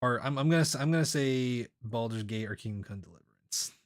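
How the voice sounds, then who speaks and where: A game streamer with a mid-range voice chats casually with his live chat, talking a little fast, rambling and laughing often. The sound is dry and clean, studio-like.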